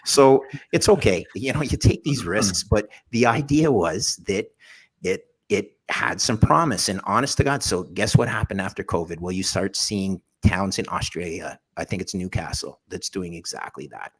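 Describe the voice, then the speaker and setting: A low, husky man talks in a lively panel chat. His pitch swings widely as he tells jokey stories and acts out little scenes. The voice has a slightly rough edge. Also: normal speed. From Canada. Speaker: podcast guest. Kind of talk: animated storytelling in a panel discussion.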